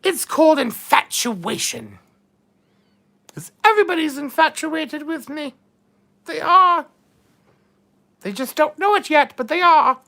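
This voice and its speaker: Brief: woman as a vain mature duchess, high-voiced, unhurried drawl, bawdy and grand. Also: animated, gravelly, bright, forceful tone, heavily acted. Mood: flirtatious. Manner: drawling, calls everyone darling, bawdy innuendo. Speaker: live-stream host in character. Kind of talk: live chat read-out in character.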